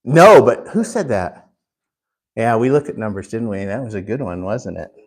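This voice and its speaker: A man teaching a Bible class in an unhurried way, putting questions to the class. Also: on the low side, animated, darkish tone, husky. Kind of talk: interactive Bible class lesson.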